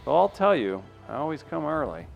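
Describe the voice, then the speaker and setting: Guy hosting a comedy show, lively pitch, faint music behind. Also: brisk, vocal fry, lo-fi sound. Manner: joking, roasting. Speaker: radio show host. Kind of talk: casual comedy show banter.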